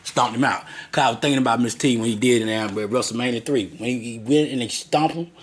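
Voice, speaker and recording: A man's voice: medium pitch, fast talker. A man telling a crude, profane, rambling story about his childhood.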